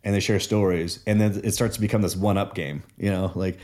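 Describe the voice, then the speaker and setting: A man with a fairly low voice talks through his own experiences in relaxed conversation. He is earnest and reflective, winding his thoughts out loud as he tells a story. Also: brisk. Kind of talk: casual conversation.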